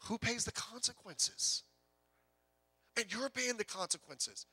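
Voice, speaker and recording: Preaching in a very high-pitched, slightly rough voice, the pastor keeps things conversational and lively, joking and quickly repeating himself.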